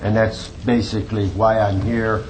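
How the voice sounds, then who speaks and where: A man's voice: on the low side, flat delivery, moderate pace, a little mellow, a little hiss or hum, low-quality recording. A man from a nonprofit giving a blunt, emphatic public comment at a council meeting.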